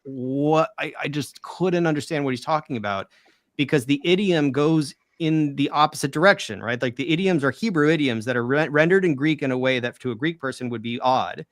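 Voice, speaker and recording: A man's voice: on the high side, fairly quick, fairly bright tone, dry recording. Earnest man explaining, dry close sound. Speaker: guest who reads ancient languages. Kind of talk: casual discussion.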